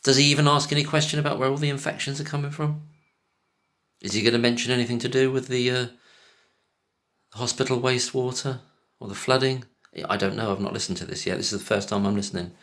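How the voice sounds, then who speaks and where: A man's voice: medium pitch, steady tone, fast, fairly bright tone. A man giving casual, scornful commentary on a podcast clip, cutting in with pointed questions. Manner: scornful, talks over clips with pointed questions.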